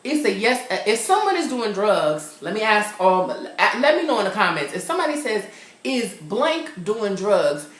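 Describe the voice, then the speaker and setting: A young Californian man reviews a TV show, recapping in a sassy, animated way and slipping into the characters as if chatting with friends. His voice is high, at a moderate pace with few pauses, and the room has a noticeable echo.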